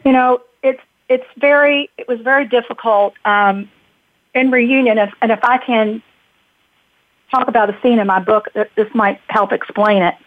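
A woman, a guest and birth mother, telling a personal story in a halting way, with frequent restarts. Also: fairly high pitch, no echo. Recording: dry tinny phone-like line.

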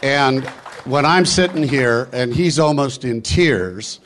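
A middle-aged man gives a motivational stage talk at a business event. His voice sits at an ordinary male pitch. He delivers it in a preachy, rapid-fire way, pushing hard to fire up the room. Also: crowd noise, noisy background. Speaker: motivational speaker. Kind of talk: live stage speech. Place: event hall.

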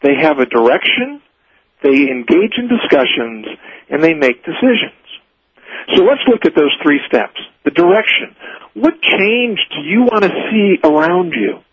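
A man's voice: fairly high pitch, big pitch swings, a little slow, slightly rough, no echo. A middle-aged man giving a guest talk on a radio show, earnest and explaining his ideas point by point. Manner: earnest, teaching in numbered points. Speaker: leadership speaker guest. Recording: muffled dry radio broadcast audio.

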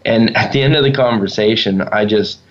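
A man with a fairly low voice leads a casual chat as a youth leader. He tells earnest stories in a halting way and often stops to search for words. The recording sounds dull and lo-fi.

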